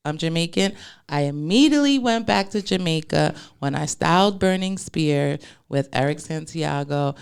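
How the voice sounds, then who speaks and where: A playful, chatty woman with a New York accent hosts a casual fashion talk. Her voice is fairly low, with a gravelly fry running through it. Her tone stays smooth and clear. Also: expressive, normal speed, few pauses. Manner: chatty, playful, laughs easily. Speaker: podcast host.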